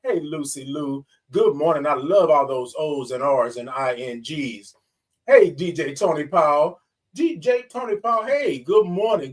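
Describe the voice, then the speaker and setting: A man with a slightly high voice, sitting far from the mic, hosts a morning livestream show. He greets viewers in a lively way, calling them y'all and baby and singing out long good mornings.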